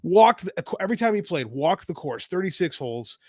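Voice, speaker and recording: A man's voice: sits high, big pitch swings, a little fast, darkish tone, husky, no room sound. Man bantering bluntly on a podcast. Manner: blunt, wry, profane banter. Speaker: podcast co-host. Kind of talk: casual chat.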